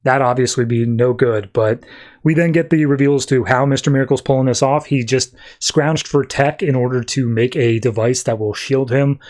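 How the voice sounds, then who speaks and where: A man recapping a comic book issue in casual podcast chat, acting out lines of dialogue in quick quotes, with a lot of filler words. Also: medium pitch, steady tone, darkish tone. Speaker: podcast host.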